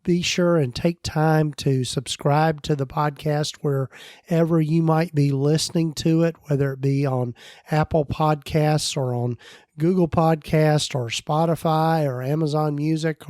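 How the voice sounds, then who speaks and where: Male podcast host, hoarse, easygoing and meandering, slightly raised pitch, dry booth sound. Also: a little mellow, no echo. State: hoarse, voice going. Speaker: podcast host and practice consultant. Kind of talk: casual podcast monologue.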